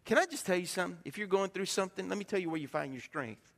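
Male pastor, middle-aged, animated storyteller preaching, sharp high tone, long reverb. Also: quick pace, gravelly. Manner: animated storytelling preacher, swings from loud to hushed. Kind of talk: sermon. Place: church sanctuary.

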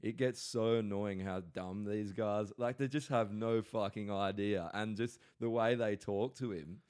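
A man's voice: lowish voice, fairly even intonation, unhurried, a little mellow. A man co-hosting a podcast, telling a long rambling story to his mates with lots of swearing and restarts. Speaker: podcast co-host. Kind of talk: casual chat with mates.

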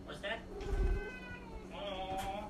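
A man's voice: high-pitched, steady tone, very slow, vocal fry, echoey room. A man at home talking to his cats in coaxing baby-talk and meowing at them. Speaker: podcast host. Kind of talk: casual talk to pets. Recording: distant mic, loud room noise.

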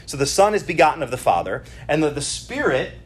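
A man's voice: fairly high pitch, big pitch swings, a little fast, breathy edge. A middle-aged man preaching a conversational sermon at a church service, often checking in with the congregation. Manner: chatty, keeps checking in with the congregation. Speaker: pastor.

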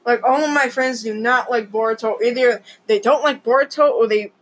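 Young girl rambling on her vlog, kinda high voice, all over the place excited. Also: moderate pace, rough recording. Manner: excitable, rambling, lots of fillers. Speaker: vlogger.

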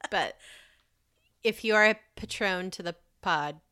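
A woman's voice: medium pitch, a little slow, sharp tone, clean tone. A woman co-hosting a podcast in casual chat, laid-back, giggly and frank, swearing now and then. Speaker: podcast co-host.

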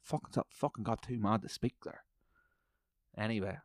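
A man's voice: on the low side, steady tone, normal speed, no room sound, clean studio sound. A man, hosting a podcast and telling a heated, profanity-heavy story. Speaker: podcast host. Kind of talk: profane ranting monologue.

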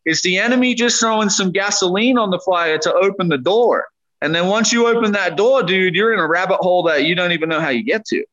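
An earnest man talks with casual, emphatic intensity in a faith podcast chat, slangy and direct. His voice sits a little high for a man. The audio is slightly dull and lo-fi. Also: fairly quick, a bit bright. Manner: earnest, emphatic, says dude and man often. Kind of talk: candid faith podcast conversation.

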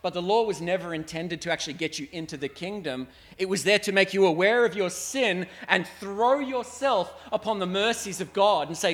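A man, a pastor from Australia, delivers a sermon in an earnest, conversational tone. His voice sits fairly high, and he slips into little acted-out quotes to make his points. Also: animated, brisk, hardly any pauses, a bit bright.

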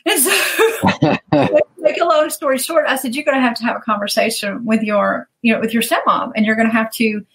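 A woman's voice: on the high side, brisk, fairly bright tone, rough recording. A woman coach telling stories in a casual interview, animatedly acting out the people she quotes and laughing often.

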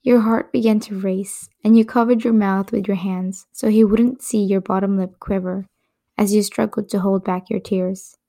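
A woman hosting a podcast, reading romantic fan fiction aloud in a soft storytelling voice that slips into a whisper. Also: medium pitch, fairly even intonation, normal speed. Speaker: podcast host.

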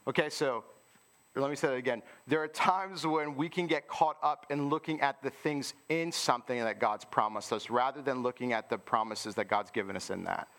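A man's voice: medium pitch, moderate pace, a bit bright. A man preaching a sermon in an informal, conversational way, often asking listeners rhetorical questions.

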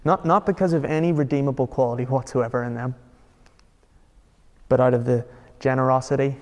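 A man's voice: medium pitch, darkish tone, big-room sound. A man preaching a sermon in a conversational, emphatic way, asking his listeners rhetorical questions. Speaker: pastor.

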